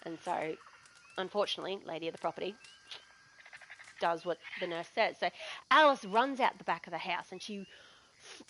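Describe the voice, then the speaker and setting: A woman's voice: fairly low pitch, normal speed, long pauses, a bit bright, a little hiss or hum, rough recording. A woman with an Australian accent telling a story in a chatty, digressive way as a gaming vlogger. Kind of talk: casual storytelling.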